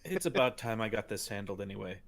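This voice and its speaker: A man's voice: lowish voice, expressive, fast, vocal fry. A man playing a courteous, formal adventurer. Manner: polite, hesitant, formal.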